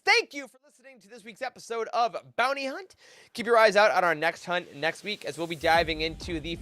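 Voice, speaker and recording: A man's voice: high-pitched, bright, forceful tone. A man hosting a fan podcast, upbeat and enthusiastic as he chats and signs off the show. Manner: upbeat, enthusiastic sign-offs. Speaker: podcast host. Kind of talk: casual chat and show outro.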